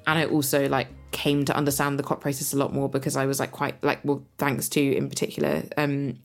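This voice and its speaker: A woman's voice: extremely low pitch, monotone, fast talker, creaky, soft background music. A woman co-hosting a podcast, chatting casually and frankly, with plenty of "like" and "um" fillers and the odd swear word. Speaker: podcast co-host and climate activist. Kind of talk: casual chat.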